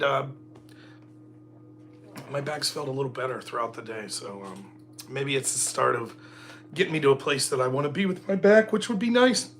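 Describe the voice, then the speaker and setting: Guy rambling on his home livestream, bright tense voice, faint music behind, jokey and self-mocking. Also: on the high side. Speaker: livestream host. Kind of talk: casual solo livestream chat.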